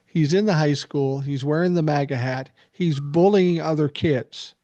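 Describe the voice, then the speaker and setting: A man's voice: on the high side, unhurried, warm tone, dry recording, muffled recording. An older man hosting a podcast, laying out a story at length and giving strong opinions in casual chat. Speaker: podcast host.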